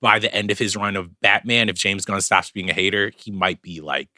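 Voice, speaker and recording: A man co-hosting a casual podcast chat, talking in an animated, emphatic way and swearing casually. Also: sits low, fairly quick. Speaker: podcast co-host.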